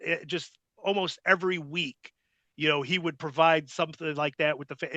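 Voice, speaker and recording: A middle-aged man, a podcast host, telling stories in an animated, casual way and acting out quotes, on a close mic. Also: on the high side, dry recording, muffled recording. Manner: animated, repeats words, acts out quotes. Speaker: podcast host, former ring announcer. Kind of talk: casual storytelling.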